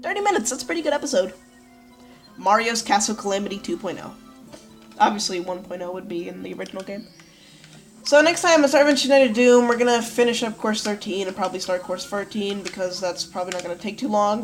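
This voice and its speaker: A woman's voice: mid-range voice, fast talker, soft background music. A woman hosting a let's play, talking casually and profanely with lots of "like" and "dude". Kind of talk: gameplay commentary.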